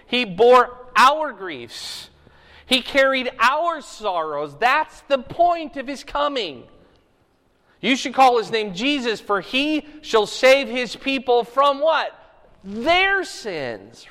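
A male pastor with a notably high voice preaches in a conversational way, reading a passage and breaking it down for the congregation. He keeps checking in with the listeners as he goes. His voice rings out in a large, reverberant hall. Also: a bit bright. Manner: conversational, explaining scripture with rhetorical checks. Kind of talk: sermon. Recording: echoey hall.

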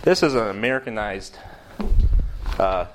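An American man teaching a Bible class in a room with a board, lively, putting questions to the class and often restarting his sentences. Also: lowish voice, a little slow, background noise. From United States.

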